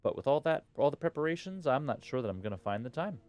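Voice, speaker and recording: A man's voice: medium pitch, big pitch swings, fast talker, darkish tone, highs cut off, natural voice. A man reading out a letter as a fond middle-aged father writing to his son, in a cheery voice. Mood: fatherly.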